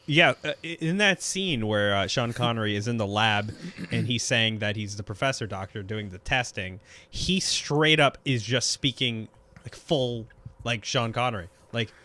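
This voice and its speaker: A man's voice: medium pitch, moderate pace, bright, forceful tone, dry recording. A man guesting on a casual film podcast, talking loosely and laughing as he rambles.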